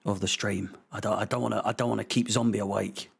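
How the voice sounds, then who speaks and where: A man hosting a fan channel's live watchalong, whispering hushed casual commentary on a football match with swearing and jokes. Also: fairly low pitch, fairly even intonation, fast, vocal fry, husky. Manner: swearing, joking banter.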